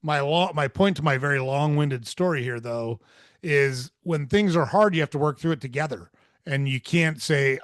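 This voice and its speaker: A man's voice: on the high side, moderate pace, no echo. Podcast host, man, 40s, blunt and casual, swears freely, dry recording. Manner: candid, swears freely, animated when quoting. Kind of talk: casual storytelling conversation.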